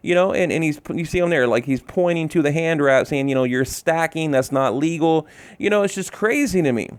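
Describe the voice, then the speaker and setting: A man's voice: a little high, expressive, fast, no room sound. A man giving heated, exasperated commentary on boxing, repeating himself and swearing as he rants. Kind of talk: ranting commentary.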